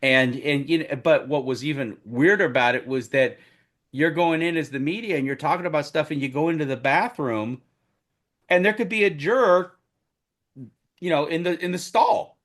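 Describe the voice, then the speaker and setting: A man co-hosting a casual podcast chat, telling animated stories about covering a trial, his voice getting loud and booming when he gets excited. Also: moderate pace. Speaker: podcast co-host who covered a trial as media.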